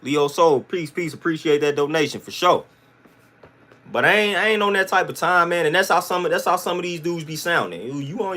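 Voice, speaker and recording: A livestream host goes on a rant to his chat, blunt and emphatic, leaning on slang and restating his points repeatedly. He speaks a little fast in a slightly high, expressive, fairly bright voice.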